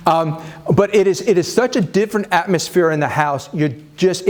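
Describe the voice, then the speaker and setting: A man's voice: high-pitched, a little mellow. Upbeat man lecturing a live audience. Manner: conversational, self-deprecating humor, frequent fillers and restarts. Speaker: speaker leading a marriage seminar. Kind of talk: live seminar talk to an audience.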